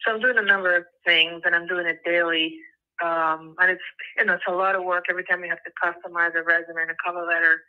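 A woman's voice: on the low side, steady tone, fast talker. A woman calling in to a radio show, explaining her job search in a matter-of-fact way with many fillers. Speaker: caller. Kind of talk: phone-in question. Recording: tinny phone line.

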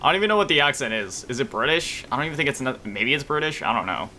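A gaming YouTuber gives casual, rambling gameplay commentary, tired in the early morning, cracking jokes and tossing in sing-song asides. His mid-range voice is very animated and rapid-fire with a sharp tone, and there's a little hiss or hum on the recording.

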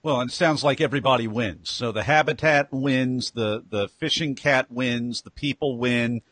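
A man's voice: medium pitch, normal speed, fairly bright tone, husky, no echo. A man hosting an interview, chatty and rambling as he stumbles through his questions. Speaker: interview host. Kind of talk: casual interview talk.

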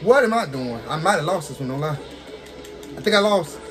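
A man casually commentating his own fighting game match, excitable, talking to the characters on screen and laughing often. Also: on the high side, a little fast, music in the background. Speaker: gaming streamer.

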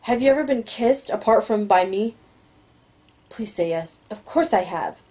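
Woman, audiobook reader, first-person narration, musing, mellow voice. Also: mid-range voice, expressive, measured pace, poor audio.

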